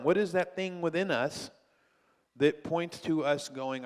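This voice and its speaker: A man's voice: a little high, lively intonation, measured pace, big-room sound. A male pastor teaching a church class in a conversational way, full of rhetorical questions. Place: church hall.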